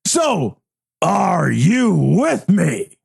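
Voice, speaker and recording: A man playing Gorgidas, a booming gravelly commander. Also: wildly swooping pitch, drawn-out words, heavily acted. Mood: stern. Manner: shouting orders, matter-of-fact. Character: blunt, rousing ancient male army commander. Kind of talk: comedy skit acting.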